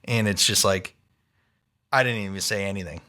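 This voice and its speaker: Laid-back low-voiced man, says dude. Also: normal speed, bright, forceful tone. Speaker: podcast co-host. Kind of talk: casual chat.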